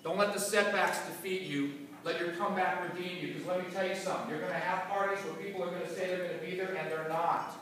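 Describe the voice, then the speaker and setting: A man giving a motivational talk to an audience, telling a personal story in an animated, emotional way. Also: sits high, fast talker, few pauses, slight background noise. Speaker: motivational business speaker. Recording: echoey hall from far off.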